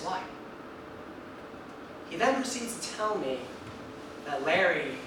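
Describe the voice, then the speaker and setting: Young man, solo stage storytelling, animated, very echoey hall, far-off mic, background noise. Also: high-pitched. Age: young adult. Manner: animated, acts out the scenes. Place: theater stage before an audience. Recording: echoey live theater, distant mic, noisy.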